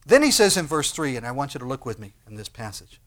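Very animated and fast, a pastor delivers his sermon, dropping to hushed, low tones then rising to loud emphasis. He peppers listeners with rhetorical questions.

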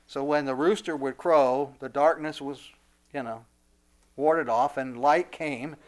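A man's voice: mid-range voice, unhurried. A male pastor preaching a sermon, emphatic and repetitive, often stumbling over restarts.

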